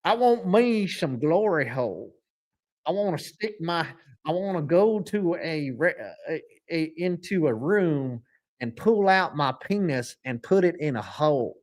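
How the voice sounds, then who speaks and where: Man doing an impression of a crude old Texan, squeaky high, slow drawl, boastful. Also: expressive. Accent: Southern US (put on). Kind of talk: comic impression on a live stream.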